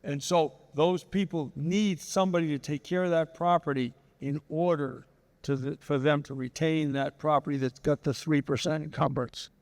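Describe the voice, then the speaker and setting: A man's voice: a little high, steady tone, moderate pace. A man on a real estate panel explaining a point, with a few restarts. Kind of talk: live panel talk. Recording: reverberant hall sound.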